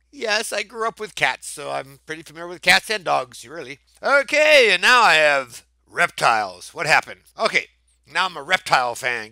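A man's voice: a little high, creaky, dry recording. A man teaching a math lesson on video, thinking aloud and asking his viewers rhetorical questions. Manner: animated, thinks aloud, exclaims over answers.

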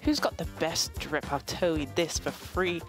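Bubbly lady running a quick-fire q&a, lively voice, music behind. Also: low-pitched. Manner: bubbly, quick questions with cheers. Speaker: interviewer. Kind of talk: upbeat team quiz segment.

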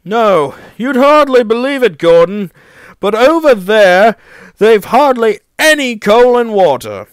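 A man's voice: sits high, very animated, takes it slowly, clear, resonant tone, no echo, voice pushed up, full character voice. A man voicing a famous, cheerful male express engine who talks in a breezy, confiding way.

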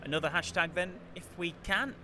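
A man's voice: high-pitched, a little fast. A man presenting a post-match football show, reading out scores and fan questions in an easygoing way. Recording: faint outdoor traffic noise.

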